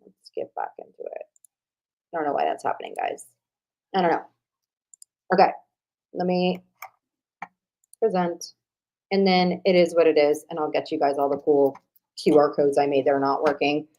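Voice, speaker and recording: A woman coaching online marketers in a live-streamed workshop, chatty and animated, speaking straight to her viewers and muttering to herself while she fixes her slides. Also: deep voice, normal speed, pauses often, lo-fi sound.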